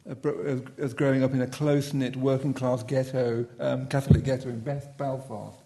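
A man interviewing a guest. He asks his questions hesitantly and murmurs softly in between. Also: medium pitch, little pitch movement, a little fast. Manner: hesitant, with soft murmured backchannels. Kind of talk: conversational interview.

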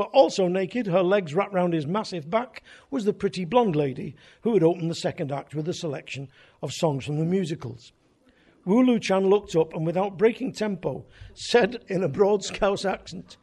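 Older bloke telling wry stories, high voice, wanders off on tangents. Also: male voice, moderate pace, a little mellow, breathy edge. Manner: wry, conversational, drifting tangents. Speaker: folk radio host and storyteller. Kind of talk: anecdotal storytelling.

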